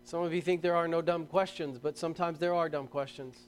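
A middle-aged man preaching a sermon, telling stories with animated, emphatic bursts and reading scripture slowly. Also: a little high, clear, resonant tone. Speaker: pastor.

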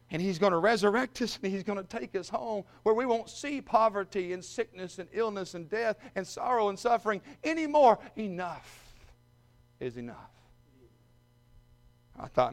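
A man preaching a sermon, reading scripture and calling his listeners friends, building from quiet storytelling up to shouted peaks. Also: sits high, expressive, normal speed. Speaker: pastor.

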